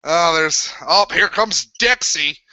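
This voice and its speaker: A young man hosting a live wrestling review, swearing constantly and ranting with loud, crude sarcasm. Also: a little high, slow pace, no room sound. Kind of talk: profane live review rant. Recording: dull lo-fi sound.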